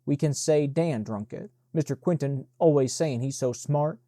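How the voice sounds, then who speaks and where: A man voicing a young servant boy who speaks in Southern dialect, loud and urgent, shushing and giggling tipsily. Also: on the high side, moderate pace, no echo, studio quality, close to an everyday voice. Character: young Black servant boy, giddy and tipsy.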